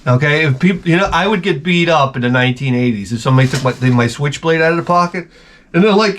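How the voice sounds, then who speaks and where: A man's voice: on the high side, lively intonation, fast, a bit bright. A middle-aged man hosting a crude comedy vlog, opening packages and rambling with lots of swearing, jumping into mock voices to tell stories. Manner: profane, rambling, slips into mock voices for jokes.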